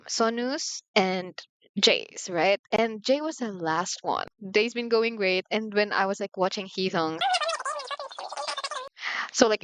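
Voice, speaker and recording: A woman's voice: medium pitch, a bit bright, clear, resonant tone, no room sound. A young woman talking casually to her viewers, rambling and slangy with lots of "like", candid and confessional. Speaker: vlogger. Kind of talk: casual confessional chat to camera. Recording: slightly muffled, dry room.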